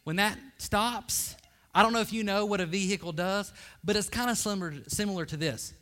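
A man's voice: high voice, brisk, fairly bright tone. A man preaching a sermon, telling a funny personal story with self-deprecating asides to the congregation.

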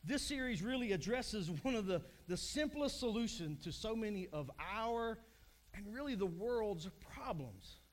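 A man's voice: sits high, expressive, moderate pace. A middle-aged man preaching a sermon to a congregation in a chatty, self-deprecating way, with small restarts. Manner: chatty, self-deprecating, acts out joke voices. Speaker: pastor.

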